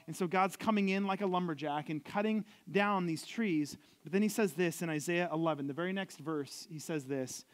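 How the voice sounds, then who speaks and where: Young guy pastor with a high voice, chatty sermon, repeats himself, goes low and quiet on the bible readings. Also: normal speed. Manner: conversational, repeats words, reads scripture lower and softer.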